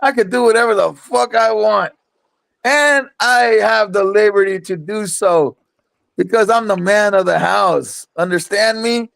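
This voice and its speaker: Tipsy, boastful man with a gravelly high voice. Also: measured pace, fairly bright tone, dry recording. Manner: boastful, rambling, stammers and repeats himself. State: tipsy from drinking. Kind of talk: casual rowdy chat.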